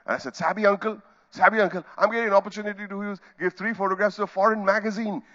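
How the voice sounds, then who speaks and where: A man's voice: sits high, fairly even intonation, rapid-fire, a bit bright, highs cut off. A middle-aged man with an Indian accent giving a storytelling keynote, acting out scenes with sound effects and quoted voices. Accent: Indian English. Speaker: keynote speaker. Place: conference hall stage.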